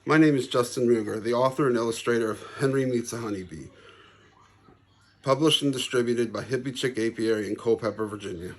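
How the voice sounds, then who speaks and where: Man reading a children's story calmly. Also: medium pitch, fairly quick. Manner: calm, even storytelling. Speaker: author reading his book. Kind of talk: children's story read-aloud.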